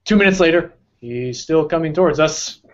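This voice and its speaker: A man's voice: on the high side, moderate pace, highs cut off. A man co-hosting a casual podcast about a video game, eager and chatty, often jumping in. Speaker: podcast co-host.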